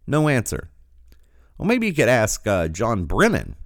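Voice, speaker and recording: A man's voice: mid-range voice, huge pitch swings, measured pace, no room sound, clean studio sound. A man giving sarcastic, incredulous commentary, often stopping a video to react.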